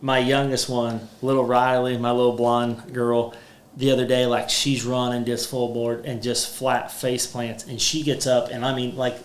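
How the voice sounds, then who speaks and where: A man speaks in a medium-pitched, level voice at a moderate pace as he rambles through a casual podcast chat, full of fillers and restarts. He's the host and runs a roofing business, and the room echoes with faint ambience.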